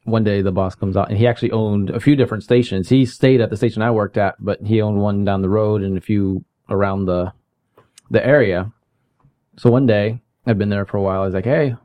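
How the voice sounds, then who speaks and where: A man's voice: lowish voice, steady tone, a little fast, dark tone. A man chatting casually and telling a story from his working past. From California. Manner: storytelling, puts on voices when quoting people. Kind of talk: casual chat.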